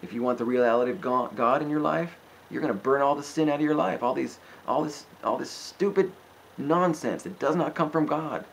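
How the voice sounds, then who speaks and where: A man's voice: mid-range voice, a little fast, vocal fry, a little hiss or hum, low-quality recording. A man preaching informally and fervently, exhorting his listeners, rambling with restarts and frequent asides. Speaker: preacher answering questions.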